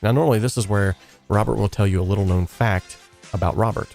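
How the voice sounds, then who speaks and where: Deep, gravelly man hosting a livestream. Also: a little fast, darkish tone, soft background music. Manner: earnest, encouraging, loosely rambling with fillers. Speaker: livestream host of a song contest. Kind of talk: casual livestream chat.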